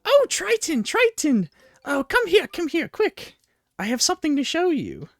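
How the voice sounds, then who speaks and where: A woman's voice: high-pitched, wildly swooping pitch, measured pace, vocal fry, no room sound, pitched above the performer's own voice, full character voice. A woman voicing a fussy, prim woman wagon merchant who haggles with polite, overly careful questions. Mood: eager.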